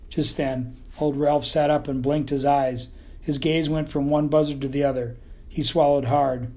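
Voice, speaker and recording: A man with a Texan accent reads a children's story in the first person. His folksy drawl is dry and unhurried, and his voice sits somewhat high for a man. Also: steady tone, warm tone. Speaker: audiobook narrator.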